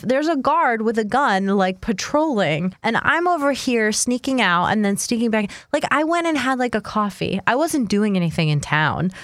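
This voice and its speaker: A woman's voice: a little high, no echo, clean studio sound. Chatty American woman podcaster. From United States. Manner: animated storyteller, lots of "like" fillers. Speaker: podcast co-host. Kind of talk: casual chat, storytelling.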